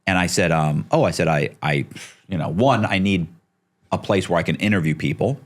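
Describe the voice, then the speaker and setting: A man's voice: low-pitched, brisk. A middle-aged man telling a story as a podcast guest, acting out the people he quotes and swearing casually.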